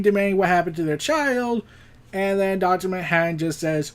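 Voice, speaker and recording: A man's voice: high-pitched, normal speed. A man casually recapping a comic book issue, rambling with restarts. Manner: rambling, with restarts and acted quotes.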